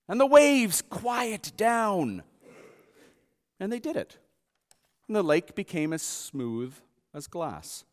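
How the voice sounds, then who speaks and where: A man preaching a sermon, acting out the quotes and swinging from soft to loud. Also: a little high, in a large hall. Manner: expressive, acts out quotes softly and loudly. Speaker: pastor.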